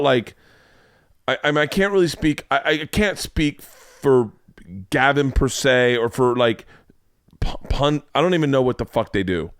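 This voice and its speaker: On his podcast, a middle-aged male comedian chats casually and brings the people in his stories to life, voicing their lines louder. His voice sits on the high side with a clean tone, captured studio-clean without any room sound.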